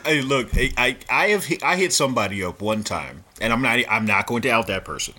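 A man's voice: mid-range voice, lively intonation, brisk, pushed and bright. A man, co-hosting a casual sports podcast, talking with lots of laughs and stammering restarts. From United States. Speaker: podcast co-host.

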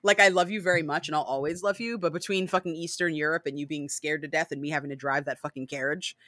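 Animated, swearing podcast co-host, dry sound. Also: quick pace, dry recording. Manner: animated, swears freely, peppers speech with "like" and "right?"; acts out characters with sudden high, loud voices. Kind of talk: casual book discussion.

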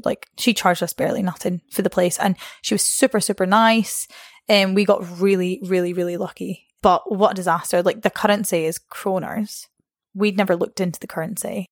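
A young woman tells stories as a guest in a loose, chatty way. She laughs often and her pitch jumps up when she acts out quotes. Her voice sounds dry and close. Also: fairly even intonation, moderate pace, dry recording. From Scotland. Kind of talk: casual storytelling interview.

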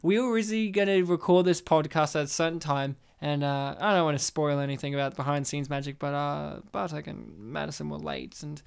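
A woman hosting a casual movie review podcast, talking excitedly and laughing often. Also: low voice, brisk, creaky, few pauses, clear, resonant tone. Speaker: podcast host.

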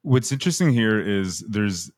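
A man's voice: on the low side, animated, moderate pace, darkish tone, no echo, clean studio sound. A man co-hosting a podcast, curious and musing aloud, often chiming in. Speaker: podcast co-host. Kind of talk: casual podcast discussion.

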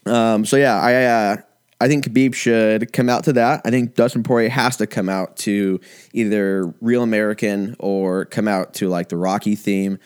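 A man in his twenties talks in a loose, rambling way and swears freely. His voice sits a little low. He keeps up a casual, profane chat. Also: moderate pace, clean tone. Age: 20s. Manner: profane, rambling, animated impressions.

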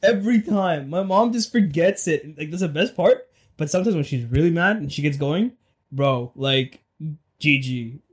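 A man's voice: fairly high pitch, lively intonation, normal speed. A young man co-hosting a podcast, telling stories in casual chat and laughing often. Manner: giggly, storytelling, laughs often. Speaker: podcast co-host.

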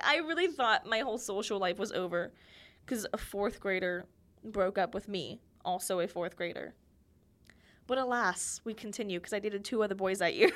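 High-pitched and a bit bright, this young woman's voice carries her own podcast. Telling stories from her childhood in a chatty, giggly style, she acts out the voices she quotes in casual solo storytelling.

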